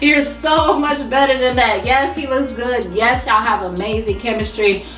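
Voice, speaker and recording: A woman recapping a TV episode in a casual, profane, animated vlog, talking back to the characters. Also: fairly high pitch, moderate pace, distant mic, soft background music. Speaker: TV recap vlogger. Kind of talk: casual recap with quoted voices. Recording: roomy sound, away from mic.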